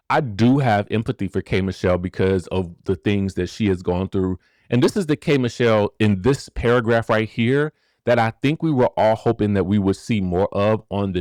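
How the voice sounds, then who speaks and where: Animated man hosting gossip commentary. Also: lowish voice, no echo, studio quality. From rural area. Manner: animated, rhetorical, keeps checking in with the audience. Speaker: gossip show host. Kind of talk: casual celebrity gossip commentary.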